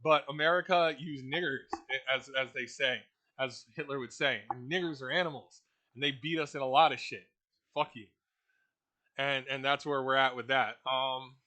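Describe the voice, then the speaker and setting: A man's voice: medium pitch, steady tone, moderate pace, pushed and bright. A man giving a profane, rambling, casual explanation of a role-play setting.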